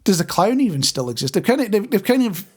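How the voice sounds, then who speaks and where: A man's voice: high voice, big pitch swings, fast, husky. Chatty man, storytelling podcast host. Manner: chatty storyteller, frequent restarts and chuckles. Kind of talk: casual chat.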